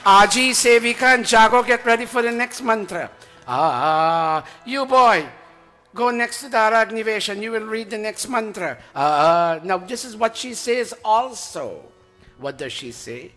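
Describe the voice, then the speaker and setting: An older man leads a devotional gathering in a high, bright voice. He coaxes his students, praises their reading, and chants Sanskrit verses slowly. Faint music plays behind him. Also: lively intonation. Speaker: teacher leading a satsang. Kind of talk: sermon with recitation.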